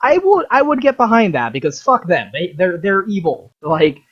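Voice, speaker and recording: Husky, heated, swearing vlogger. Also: medium pitch, sing-song, normal speed, fairly bright tone. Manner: profane, heated, filler-heavy. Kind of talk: casual ranting monologue. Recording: dull lo-fi recording.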